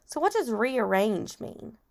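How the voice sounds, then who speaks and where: A woman's voice: on the high side, big pitch swings, slow pace, creaky. A woman teacher reading a chapter book aloud to children, stopping to ask and explain vocabulary words.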